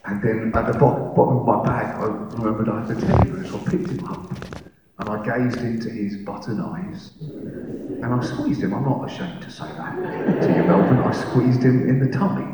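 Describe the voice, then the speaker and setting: A man's voice: mid-range voice, moderate pace, heavy background noise. A man doing stand-up storytelling with rambling, self-deprecating asides, on a stage in a large hall. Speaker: stand-up comedian. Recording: echoey hall, mic at a distance, audience ambience.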